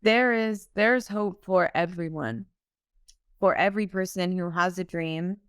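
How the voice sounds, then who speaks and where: A woman's voice: lowish voice, unhurried, a bit bright, smooth, no room sound, clean studio sound. A young woman, a singer-songwriter, telling her story as an interview guest in an earnest, emotional way, laughing often. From United States. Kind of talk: candid podcast interview.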